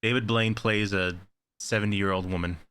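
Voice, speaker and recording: A man on a casual podcast, rambling through a story with filler words everywhere. His voice sits a bit low but has a bright, forward edge. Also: fairly even intonation, normal speed, clean tone. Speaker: podcast co-host. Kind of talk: casual chat.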